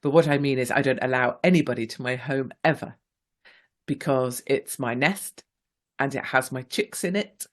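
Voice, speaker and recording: A woman's voice: rumbling low, moderate pace. A woman, hosting a radio talk show in a chatty, playful way and reading listener messages aloud. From England. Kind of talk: casual talk radio monologue.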